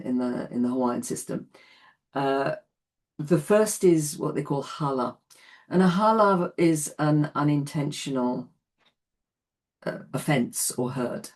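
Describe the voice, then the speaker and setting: A woman's voice: deep voice, darkish tone. A woman in her late sixties teaching an online class in a chatty way, often laughing between points. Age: 60s.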